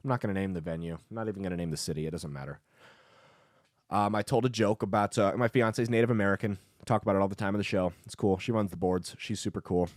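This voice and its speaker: A man's voice: deep voice, fairly even intonation, quick pace, darkish tone, dry recording, clean studio sound. A man hosting a podcast, delivering a brash, emphatic opinion monologue full of crude jokes. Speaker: podcast host and comedian.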